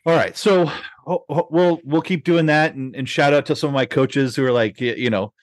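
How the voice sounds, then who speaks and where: A man's voice: on the high side, normal speed, no echo. A man hosting a podcast in casual chat, rambling with many restarts and fillers. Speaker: podcast host.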